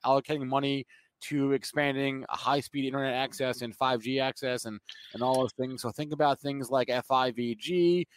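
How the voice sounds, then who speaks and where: A man with a New Jersey accent co-hosting a market show, talking fast with lots of restarts. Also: medium pitch, fairly even intonation, slight background noise. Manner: quick, stumbling restarts. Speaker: co-host. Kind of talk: fast casual market talk.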